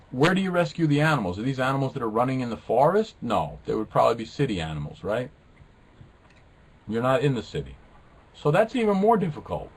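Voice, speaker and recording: Hosting a live webcast, a man rambles casually with viewers and reads their comments, his humor flippant and self-mocking. His voice is medium-pitched and slightly rough.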